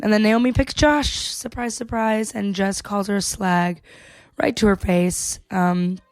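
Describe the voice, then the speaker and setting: A woman's voice: medium pitch, no echo. A woman co-hosting a podcast, casually recapping an episode in a chatty way, swearing freely and laughing between points. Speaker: podcast co-host.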